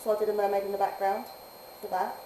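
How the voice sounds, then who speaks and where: A woman who teaches adults, chatting casually on a game live stream, talking in a chatty way, laughing often and drifting from soft to lively. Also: medium pitch, fast. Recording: roomy echo, faint background noise.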